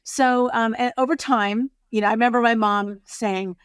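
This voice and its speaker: A woman in her sixties, a produce company executive, talking through her career in an unhurried, storytelling way as an interview guest. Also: on the high side, fairly even intonation, clean tone, no echo, studio quality. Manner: measured, storytelling. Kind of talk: casual interview conversation.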